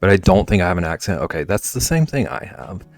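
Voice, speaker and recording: A man's voice: sits low, very animated, quick pace, no echo. A man streaming casually while drawing, rambling and chatty, often trailing off into mumbles. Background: faint background music.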